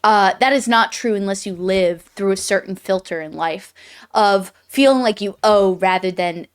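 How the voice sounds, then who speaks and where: A woman co-host discusses a book in loose, casual talk, often searching for words and restarting her sentences. Her voice sits at a middle pitch. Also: moderate pace, clean tone.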